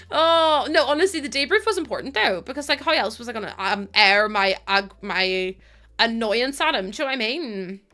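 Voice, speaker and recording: A woman's voice: on the high side, bright, forceful tone. A young woman chatting to her stream while playing, ranting animatedly and laughing often. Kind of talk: casual chat while playing a game.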